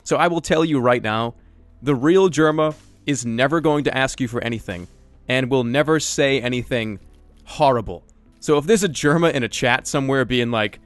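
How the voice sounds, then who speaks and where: A man answering viewer questions in a casual voice-over, joking and self-deprecating, talking in a lively, animated way. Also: medium pitch, smooth, no echo.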